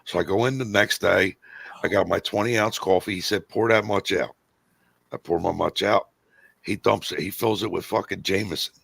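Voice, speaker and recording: A man's voice: low-pitched, moderate pace, vocal fry, a bit bright, husky. A man in his fifties co-hosting a podcast, telling blunt, swearing stories and acting out what people said. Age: 50s. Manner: blunt storyteller, swears, acts out quotes. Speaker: podcast co-host. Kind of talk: casual pub-style chat.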